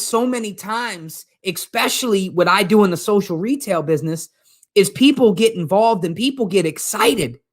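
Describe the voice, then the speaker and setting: A man's voice: sits high, fairly bright tone. Earnest man giving a motivational talk. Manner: earnest and emphatic, repeats phrases. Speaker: motivational coach. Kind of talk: live-streamed motivational talk.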